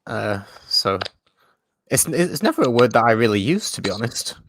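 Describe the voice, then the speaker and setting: A man's voice: medium pitch, normal speed, no echo. A man hosting a livestream, chatting casually and laughing easily about fragrances. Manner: relaxed, self-deprecating, laughs easily. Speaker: livestream host. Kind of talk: casual chat.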